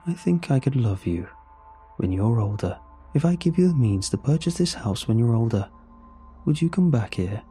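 A man voicing an eerie inhuman creature that speaks gently and possessively in a horror story reading. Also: medium pitch, animated, moderate pace, slightly rough, faint music behind. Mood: coaxing.

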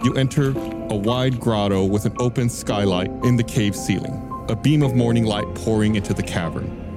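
A man narrating a tabletop game as game master, steady and descriptive, over loud background music. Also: fairly low pitch, moderate pace.

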